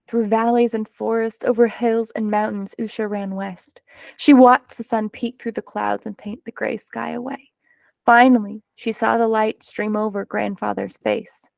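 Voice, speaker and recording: A woman reading a children's picture book aloud, narrating in an expressive, measured way. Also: fairly high pitch, creaky, dry recording. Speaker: storyteller.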